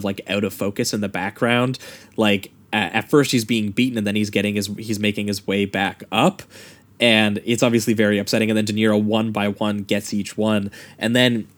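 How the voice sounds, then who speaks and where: A man hosting a casual film podcast, retelling scenes in detailed, analytical fashion. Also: lowish voice.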